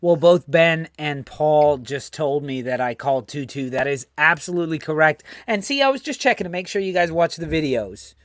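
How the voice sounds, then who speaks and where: A man from the United States hosting a casual fan show, loud and teasing, swearing freely and greeting viewers by name. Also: on the high side, expressive, moderate pace, hardly any pauses, no room sound. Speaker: host.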